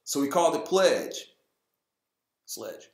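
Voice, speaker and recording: Jokey man reading scripture, lively pitch. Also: slow pace, gravelly, roomy sound. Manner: jokey, acts out the people in the story in goofy high voices. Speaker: host. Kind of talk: casual Bible reading with comic asides.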